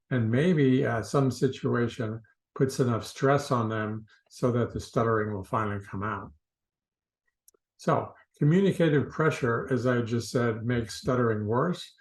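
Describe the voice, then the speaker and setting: A man who works as a stuttering therapist, explaining in an unhurried way to camera with frequent filler uhs. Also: medium pitch, reverberant, low-quality recording.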